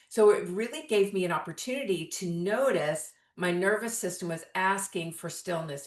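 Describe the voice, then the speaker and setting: A woman hosts a solo podcast, telling a story in a heartfelt way and often turning to speak straight to her listeners. Her voice sits on the low side, and the recording has a noticeable roomy echo. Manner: warm storytelling, addresses listeners directly. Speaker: podcast host.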